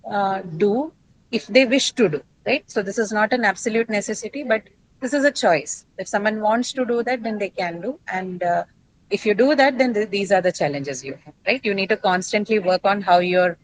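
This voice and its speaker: A woman's voice: medium pitch, normal speed, slight background noise, rough recording. A woman with an Indian English accent teaching an English pronunciation class, explaining step by step and checking in with the students. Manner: questioning, explanatory, frequent "right?" checks.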